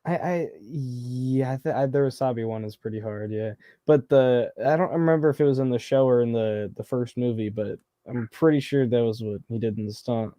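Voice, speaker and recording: A young man chatting easily among friends, relaxed and unhurried in his speech. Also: medium pitch, dry recording, studio quality. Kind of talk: casual chat.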